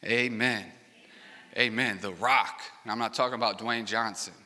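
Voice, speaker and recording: A man's voice: lowish voice, fairly quick, pushed and bright, big-room sound. A young adult man preaching a sermon as pastor, in a personal, conversational way with heartfelt asides, from a church stage.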